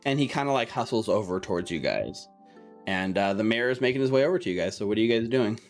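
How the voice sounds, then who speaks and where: A man's voice: lowish voice, animated, quick pace, faint music behind. A young man narrating as game master, rambling with many fillers.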